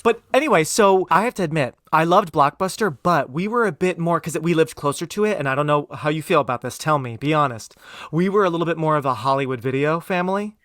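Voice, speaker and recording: A man's voice: a little high, quick pace, dry recording, clean studio sound. A man hosting a podcast, chatting casually and with enthusiasm about movies, often drifting into tangents. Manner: animated, enthusiastic, goes off on tangents. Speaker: podcast host. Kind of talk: casual chat.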